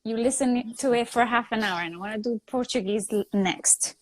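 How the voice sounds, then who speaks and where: Brief: Italian-accented woman, bubbly, laughing, fairly high voice, dry close sound over a phone stream. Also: normal speed, dry recording. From Italy. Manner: bubbly, laughs often, lively storytelling. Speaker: guest actor. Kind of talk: casual chat. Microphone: phone on a live video stream.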